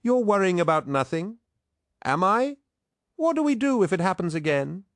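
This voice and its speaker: A man's voice: extremely low pitch, moderate pace, mellow, no echo, clean studio sound. A man voicing a jovial, teasing male space warrior captain in an audiobook. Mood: coaxing. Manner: joking, needling.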